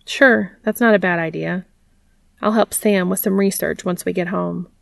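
A woman's voice: lowish voice, steady tone, normal speed, gravelly, dry recording. A woman reading as an easygoing young helper. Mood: agreeable.

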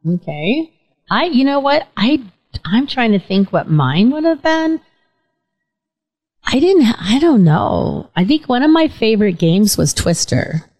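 A woman's voice: fairly high pitch, sing-song, measured pace, darkish tone, poor audio. A middle-aged woman hosting a casual interview show, telling stories in a chatty way with an occasional stutter. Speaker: talk show host.

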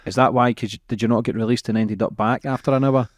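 A man's voice: medium pitch, fairly even intonation, fast, no echo, clean studio sound. A man hosting a podcast interview, asking sympathetic, reflective questions. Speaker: podcast host.

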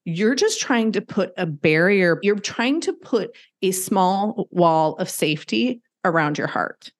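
Her voice is lowish, unhurried, and lively in intonation as this middle-aged woman, a guest, shares her pet loss story in candid conversation. She speaks earnestly and emphatically, acting out other people's lines.

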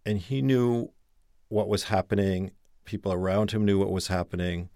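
Low-voiced biographer guy, calm and measured, dry close mic. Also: no room sound. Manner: measured and thoughtful. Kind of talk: explanatory interview commentary.

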